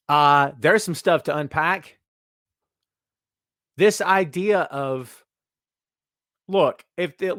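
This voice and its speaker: A man's voice: fairly high pitch, fairly bright tone, dry recording, clean studio sound. A man hosting a wrestling podcast, giving emphatic, opinionated commentary and calling his listeners "kids". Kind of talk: opinionated live-stream commentary.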